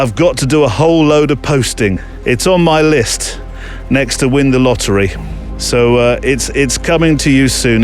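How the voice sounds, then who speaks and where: A man hosting his show in a casual, rambling monologue while out on a muddy countryside walk, chatting and joking with his dog between thoughts. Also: mid-range voice. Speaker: podcast host.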